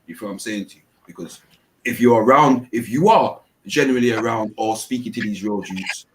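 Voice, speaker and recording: A man's voice: on the low side, a little fast, poor audio. Insistent man hosting a debate. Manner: insistent, holds the floor, rhetorical. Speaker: host. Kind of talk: heated panel debate.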